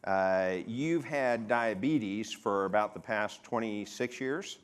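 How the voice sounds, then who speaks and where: A man's voice: fairly low pitch, takes it slowly, clean tone. A man hosting an interview on a conference stage, speaking conversationally into a stage mic with frequent filler sounds. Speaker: health system CEO hosting a patient interview. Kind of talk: on-stage interview before a live audience. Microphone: stage microphone.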